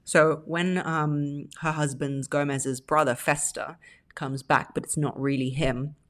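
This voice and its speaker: A woman's voice: sits low, fairly even intonation, unhurried. A woman hosting a podcast, giving blunt relationship advice and acting out the phrases she quotes in mocking voices. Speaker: podcast host.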